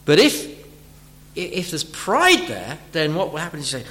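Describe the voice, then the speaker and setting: A man preaching a sermon, often pausing and repeating words as he searches for phrasing, and acting out imagined speakers as he teaches. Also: a little high, wildly swooping pitch, sharp tone. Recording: long hall reverb.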